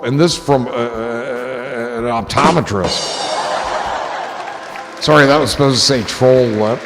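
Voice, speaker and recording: This livestream host speaks slowly in a mid-range voice, leaving long pauses as he chats in a loose, profane, joking way that tends to trail off. Music and crowd noise come through clearly behind him.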